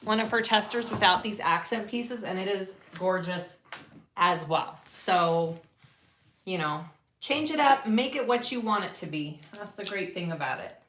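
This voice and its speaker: Bright, chatty woman hosting a sewing stream. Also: mid-range voice, animated, unhurried, slight background noise. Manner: chatty, upbeat, greets viewers. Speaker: sewing livestream host. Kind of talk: casual live sewing tutorial.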